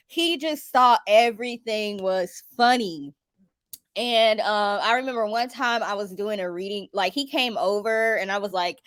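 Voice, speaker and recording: A woman's voice: mid-range voice, normal speed, a bit bright, no room sound, clean studio sound. A woman telling a personal story in a casual, chatty vlog style, with lots of "like" and "um". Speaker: spiritual vlogger.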